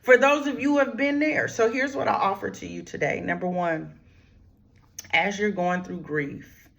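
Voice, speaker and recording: A woman with a creaky, mid-range voice speaks at normal speed as a grief therapist hosting her channel's talk on grief. Preacherly and emphatic, she speaks right to listeners with "y'all," swinging from hushed whispers to raised, forceful lines.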